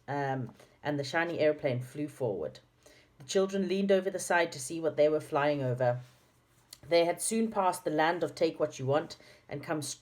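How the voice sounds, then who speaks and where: A woman's voice: sits low, darkish tone. A woman reading a children's chapter book aloud, with chatty asides to her young listeners. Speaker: storybook reader.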